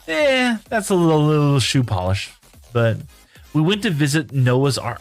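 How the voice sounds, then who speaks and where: A male game streamer talking off the cuff from his home room. He rambles in an easy, chatty way, reading viewer messages aloud and riffing on them. His voice sits at an ordinary mid pitch, and soft music plays faintly beneath him. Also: sing-song, moderate pace. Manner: rambling, reads viewer chat aloud and chats back. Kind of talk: casual live-stream chat while playing.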